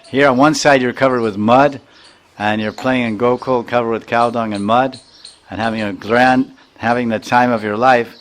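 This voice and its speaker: Man teaching scripture, chanting Sanskrit verses. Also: mid-range voice. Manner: recites Sanskrit verses, then explains them line by line; chuckles while teaching. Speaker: spiritual teacher. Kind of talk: scripture lecture.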